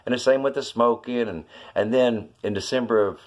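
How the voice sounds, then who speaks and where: Guy, middle-aged, rambling through a church-type story, keeps saying i says and you know, mid pitch, gets loud and high when worked up. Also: brisk. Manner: voice climbs high when excited. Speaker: vlogger telling a witness story. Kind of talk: casual storytelling testimony.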